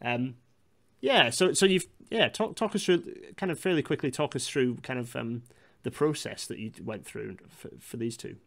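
A man hosting an interview, asking questions in a halting way with many restarts and encouraging the guest. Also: mid-range voice, lively intonation, gravelly, fairly bright tone. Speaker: host. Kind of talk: casual interview.

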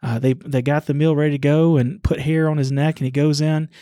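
A man casually retelling a Bible story to his father, pausing often with "uh" and repeating words as he goes. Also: on the high side, flat delivery, dark tone, no room sound, studio quality. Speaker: son discussing scripture with his father.

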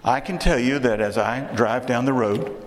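A man's voice: mid-range voice, normal speed, in a large hall. A man with a Texan accent preaching a sermon in a conversational way, often repeating and restarting phrases. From Texas.

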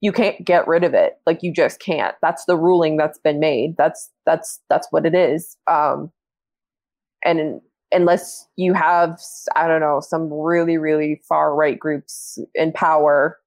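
Low-voiced woman, dry close sound. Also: a little slow, dry recording. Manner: relaxed, laughs between points. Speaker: podcast co-host. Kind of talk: casual political chat.

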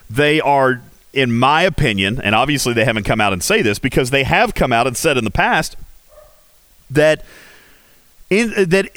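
Man hosting a livestream, lively pitch swings, rhetorical, dry close sound. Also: no echo. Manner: animated, rhetorical, many fillers. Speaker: livestream host. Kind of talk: casual game commentary chat.

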